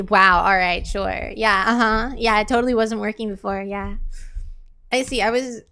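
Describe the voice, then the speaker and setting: A woman's voice: medium pitch, fairly bright tone, clean tone. A woman streaming live, chatting casually and exasperatedly with her viewers in a rambling way. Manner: exasperated, rambling, talks to chat.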